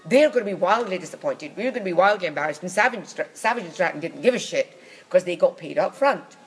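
A woman with a slightly low voice tells stories from her past in an easy, anecdotal way. Her humour is wry and bawdy, and she keeps breaking into quick comic impressions of the people she describes. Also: lively intonation, husky, low-quality recording. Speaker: guest recounting her acting past. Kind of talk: anecdotal interview chat.

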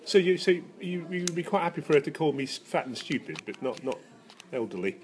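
A man's voice: on the high side, expressive, fast, a little hiss or hum. An older man hosting a casual podcast chat, wry and jokey, needling his co-host.

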